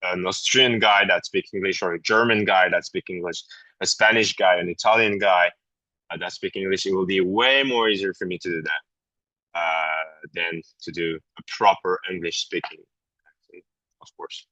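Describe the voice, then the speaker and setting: A very low-pitched man with a French accent talks candidly in a relaxed podcast chat, often hunting for his English words. The audio is a little dull and lo-fi, with a dry, close sound and no room echo. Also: moderate pace. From France. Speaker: guest actor. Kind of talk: casual podcast conversation.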